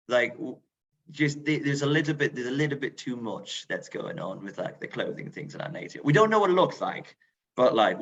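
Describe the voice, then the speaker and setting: A man's voice: medium pitch, fairly bright tone. A man on a video call, chatting loosely as a museum role-player and answering questions, with many fillers and restarts. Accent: northern English put on. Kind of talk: casual Q&A talk on a video call. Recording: dull lo-fi video call audio.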